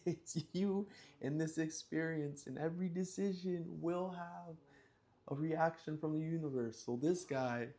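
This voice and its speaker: A man casually telling a personal story, animated, with slang and sudden high-pitched acted outbursts. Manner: animated, acts out scenes with sudden high yelps and sound effects; relaxed slang-laced talk.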